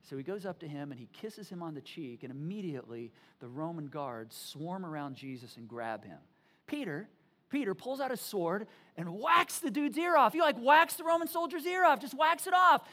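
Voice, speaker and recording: A woman preaching a sermon, retelling stories in a lively, conversational way with frequent restarts. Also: medium pitch, moderate pace. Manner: animated, conversational storytelling with many restarts.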